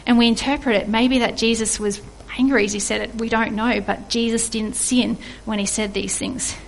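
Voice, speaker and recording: Aussie woman giving a gentle sermon, kinda high voice, slight hiss in the recording. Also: fairly even intonation, moderate pace, creaky, low-quality recording. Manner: earnest, reflective, asks listeners questions. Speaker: preacher. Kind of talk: devotional sermon.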